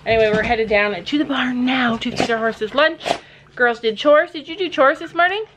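A woman's voice: moderate pace, noisy background. A middle-aged woman chatting casually in a family vlog, outdoors at a barn, talking to her dogs and horses. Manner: chatty, talks to pets in a high playful voice. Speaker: vlogger, mother.

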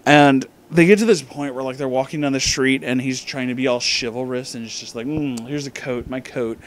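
A drunk man hosting a comedic movie review, ranting with heavy profanity and loud outbursts. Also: medium pitch, steady tone, a little fast.

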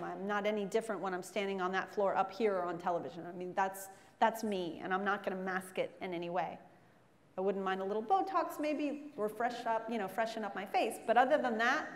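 A middle-aged woman, a chef giving a frank, joking guest lecture to students in a large hall. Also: mid-range voice. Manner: joking, frank, self-mocking asides. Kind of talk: candid motivational talk to students. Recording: long hall reverb.

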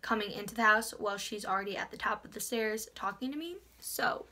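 A teenage girl telling a story in a casual vlog, breathless and excitable, sometimes dropping to a whisper. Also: mid-range voice, fairly quick. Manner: breathless storytelling, drops to whispers at tense moments. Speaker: vlogger.

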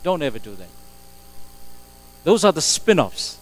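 A man preaching a sermon as pastor, emphatic, moving between loud exclamations and quiet asides. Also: on the high side, big pitch swings, a little slow, rough recording. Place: church sanctuary. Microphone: live stream recording.

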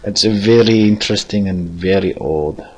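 A man putting on an odd foreign-sounding character voice with slow, broken, theatrical phrasing. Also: low voice, vocal fry, husky, heavily acted. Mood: playful.

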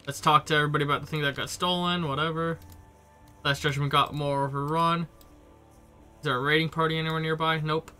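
A man with a stuffy cold giving casual, excitable commentary while playing a game. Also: on the high side, fairly quick, clear, resonant tone, faint music behind. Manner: chatty, swearing, excitable reactions. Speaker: let's play streamer. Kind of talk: gameplay commentary.

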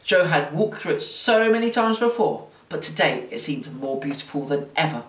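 A man reading a children's chapter book aloud in an expressive, playful way, like a teacher at story time. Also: fairly high pitch, moderate pace. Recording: roomy, distant mic, faint hiss.

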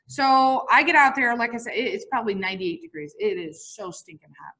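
A middle-aged woman lectures a class, her voice high and bright. She moves around and tells stories with lively energy, and keeps asking the students questions. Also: a little fast. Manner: lively, bouncy, quizzes the audience. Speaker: teacher.

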